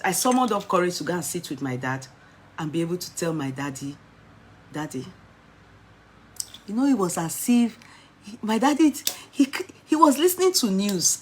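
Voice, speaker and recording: Nigerian woman in her 40s telling a story from her own life, lively, drops into pidgin, mid-pitched voice. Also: slight background noise. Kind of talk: personal storytelling.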